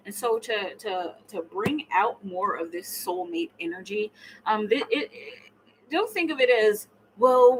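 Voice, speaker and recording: Woman, tarot reader, casual and giggly, medium pitch, faint background noise. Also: fairly bright tone, poor audio. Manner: chatty, laughing, murmurs questions to the cards. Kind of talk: live tarot reading.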